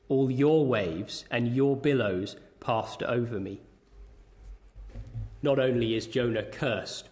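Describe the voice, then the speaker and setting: Male preacher at an evening service, slow and deliberate, mid-pitched, reads scripture aloud. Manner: measured, deliberate delivery, reading scripture aloud. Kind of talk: sermon.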